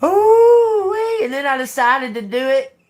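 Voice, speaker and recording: An older woman with a high, slightly bright voice and fairly even intonation hosts a casual tarot livestream. She speaks in a slow drawl, giggling and laughing through her words and swearing plenty.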